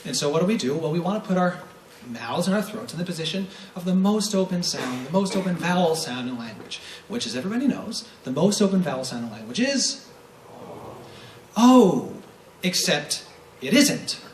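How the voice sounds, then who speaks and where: A man leads a brass masterclass, explaining breathing step by step and answering his own rhetorical questions. His voice sits a bit high for a man. It is picked up from a distance in a reverberant room with faint background noise. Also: expressive, fairly quick. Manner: explanatory, poses rhetorical questions and demonstrates vowel sounds. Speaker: brass teacher giving a masterclass. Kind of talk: masterclass lecture. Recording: roomy echo from a distant mic, faint noise.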